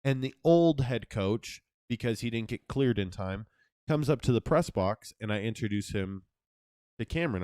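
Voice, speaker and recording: Young man, podcast co-host, swearing storyteller, mid-pitched voice, dry close mic. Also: moderate pace, clear, resonant tone, no room sound. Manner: profane, storytelling, animated. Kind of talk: casual podcast chat.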